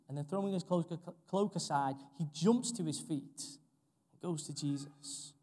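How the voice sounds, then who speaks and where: A man's voice: on the high side, normal speed, mellow. A young man preaching a sermon in a church, earnest and repeating phrases for emphasis. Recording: long hall reverb.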